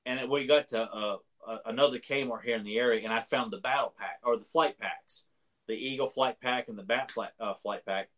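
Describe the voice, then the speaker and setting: Man with a mid-range voice, blunt and excitable. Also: medium pitch, brisk. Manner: blunt, swears, excitable anecdotes. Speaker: podcast co-host. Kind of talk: casual chat about toy collecting.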